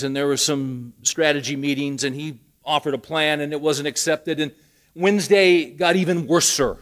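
Storytelling male preacher, slightly high voice. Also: fairly bright tone. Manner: storytelling with rising emphasis and dry humor. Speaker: pastor. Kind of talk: sermon.

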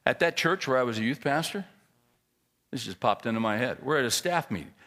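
Male pastor, sermon delivery, lively pitch, punchy emphasis dropping to low asides. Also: brisk. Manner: animated storyteller, swings from loud emphasis to quiet asides.

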